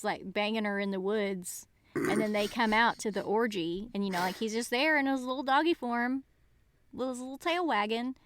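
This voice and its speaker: Podcast co-host, woman, higher voice, dry close-miked sound; lively storyteller in casual chat. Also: clear, resonant tone, no echo. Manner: animated, chatty storyteller. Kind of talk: casual book-club chat.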